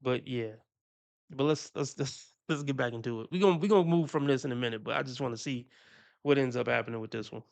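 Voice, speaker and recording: A man's voice: mid-range voice, fast talker, vocal fry. A man giving casual, profane reaction commentary on a stream, chuckling often as he talks through his opinions.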